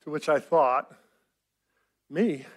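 A man in his fifties preaching a sermon, telling a family story in an animated, self-mocking way. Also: on the high side, takes it slowly. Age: 50s. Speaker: pastor.

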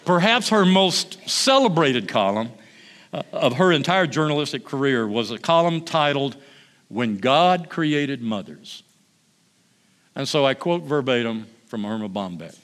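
A male pastor giving a sermon, lively when he tells stories and hushed and slow when he prays. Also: medium pitch.

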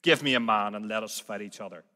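A man with a Belfast accent reading the part of a boastful giant male warrior who taunts an army, in a loud, defiant manner. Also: lowish voice, fast. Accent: Belfast, Northern Irish. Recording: long hall reverb.

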